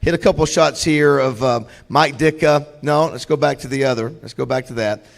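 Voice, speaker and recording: A host with a gravelly edge to his voice puts loose, stop-start questions to his guest. His words ring out with a long reverb from the hall. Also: mid-range voice. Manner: loose, halting questions, directs the video operator. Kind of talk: hosting a club Q&A.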